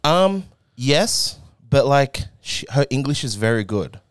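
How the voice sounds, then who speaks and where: A man's voice: mid-range voice, big pitch swings, slow pace, clean tone, dry recording, studio quality. A young adult man co-hosting a podcast, telling a rambling family story in a casual chat, laughing often. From Australia. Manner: rambling, laughing, acts out quoted voices. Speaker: podcast co-host.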